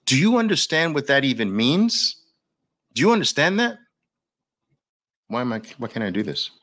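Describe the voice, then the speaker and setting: A man's voice: mid-range voice, big pitch swings, normal speed, fairly bright tone. A man giving a persuasive masterclass talk as a trading educator, emphatic, with repeated punchy lines and rhetorical questions. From Brooklyn, New York.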